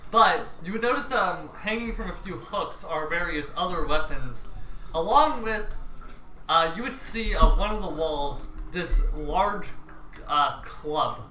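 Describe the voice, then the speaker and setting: A man's voice: a little high, a little slow, distant mic. A man narrating as dungeon master, talking loosely with many fillers. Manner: relaxed narration with many ums and uhs. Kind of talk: narrating a tabletop game. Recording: echoey room, noisy, off-mic.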